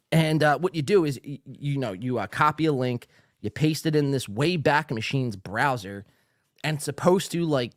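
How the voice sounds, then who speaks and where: Male podcast host, a bit tipsy, rambling profane rant, mid pitch, dry close sound. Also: no room sound. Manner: rambling, profane, with frequent fillers and restarts. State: a little tipsy. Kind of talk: ranting casual commentary.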